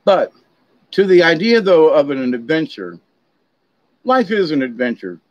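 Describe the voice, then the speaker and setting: A man's voice: a little high, very animated, measured pace, no room sound. Rambling man with a dull, dry sound. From Florida, USA. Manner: chatty storyteller, drifting off on tangents. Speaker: vlogger. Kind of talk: rambling casual monologue. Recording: slightly dull, dry recording.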